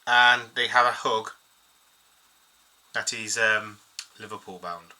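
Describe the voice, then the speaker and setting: A man's voice: on the low side, steady tone, takes it slowly, sharp tone, poor audio. A man hosting a football fan channel, chatting casually and reading bits of an article aloud in a rambling way. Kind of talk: casual solo commentary.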